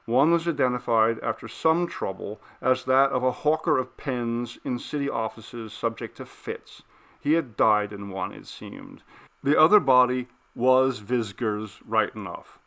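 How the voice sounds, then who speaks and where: Man, audiobook narrator, ghost story, gravelly fry, lively rising and falling pitch, measured telling. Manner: measured first-person storytelling. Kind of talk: reading a classic ghost story.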